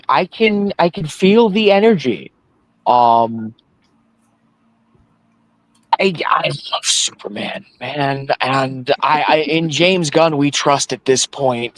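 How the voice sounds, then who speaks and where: A man's voice: mid-range voice, slow, no room sound. Stammering laid-back male co-host. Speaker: podcast co-host. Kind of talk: casual pop-culture chat.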